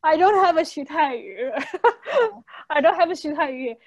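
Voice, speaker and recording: High-voiced giggly woman. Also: expressive, measured pace, dry recording, dull audio. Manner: giggly, chatty, drifts quiet at times. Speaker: podcast co-host. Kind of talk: casual chat.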